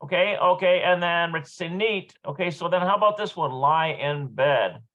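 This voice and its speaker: A man's voice: on the high side, lively intonation, moderate pace, a bit bright, dull audio. A man working through a Hebrew vocabulary lesson aloud, thinking as he goes and checking his pronunciation.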